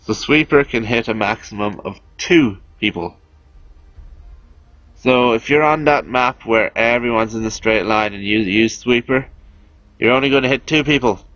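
A man's voice: mid-range voice, moderate pace, a bit bright, no room sound, highs cut off. A man giving casual, chatty, self-amused commentary over a video game as he explains weapons. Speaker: game guide host.

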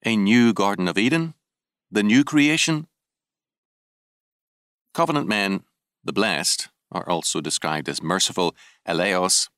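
Deep-voiced man reading theology aloud. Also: fairly bright tone, no room sound, clean studio sound. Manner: measured, deliberate reading with emphatic lifts on key words. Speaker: audiobook narrator. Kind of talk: scripted audiobook narration of a theological text.

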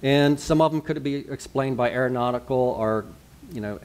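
A man's voice: medium pitch, normal speed, darkish tone, clear, resonant tone. A man, a pastor giving a sermon in a chatty, conversational way, full of asides and rhetorical questions.

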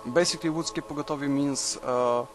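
A young man quietly musing aloud while playing a strategy game, halting and thinking out loud. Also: fairly high pitch, soft background music, poor audio. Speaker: video game commentator. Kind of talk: late-night let's play commentary.

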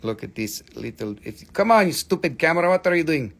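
A man's voice: fairly high pitch, very animated, a little fast, gravelly, a bit bright. A man in his forties from America, hosting a live crystal sale with playful, rambling banter. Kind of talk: joking live-stream sales chat.

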